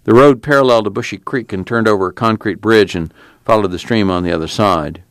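A man narrating an audiobook in a plain, steady reading. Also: lowish voice, fairly quick, no echo.

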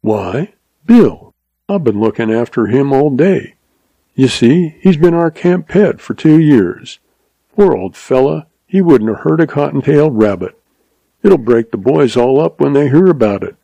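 A man's voice: mid-range voice, animated, a little slow, vocal fry, mellow, no echo, pitched above the performer's own voice. A man reading a story aloud and voicing a sly young cowboy who talks in an easygoing, folksy way. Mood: mournful.

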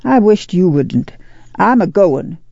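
A reader does a sullen young pregnant farm girl who insists stubbornly, her voice a touch higher than the narration. The audiobook recording is dull and dry. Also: very animated, slow pace, creaky, dark tone, breathy edge, dry recording, full character voice. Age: young adult. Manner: sullen, set-jawed insistence.

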